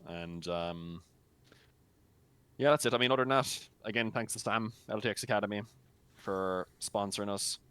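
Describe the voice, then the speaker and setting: A man's voice: lowish voice, normal speed, long pauses, fairly bright tone, clean tone, no room sound. A man co-casting a match, giving blunt, teasing post-match commentary with lots of fillers. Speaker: esports co-caster and league admin.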